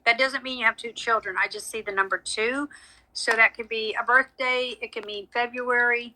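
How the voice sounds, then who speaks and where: A woman's voice: fairly high pitch, steady tone, normal speed, sharp tone, poor audio. A woman giving a live psychic reading, chatty and frank with frequent apologies. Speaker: psychic medium. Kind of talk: live social media reading.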